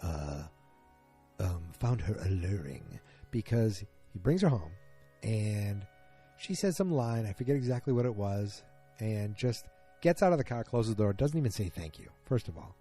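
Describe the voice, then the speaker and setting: A man's voice: lowish voice, lively intonation, mellow, husky, faint music behind. A man hosting a solo podcast, recapping a show episode in a rambling casual way with many fillers. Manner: rambling, frequent fillers, quick retelling of scenes. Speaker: podcast host.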